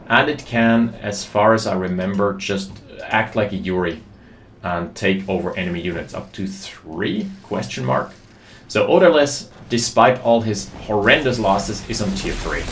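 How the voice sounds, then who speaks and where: A man giving live, excitable commentary on a strategy game, thinking aloud as he goes. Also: fairly low pitch, echoey room, a little hiss or hum. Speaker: game caster.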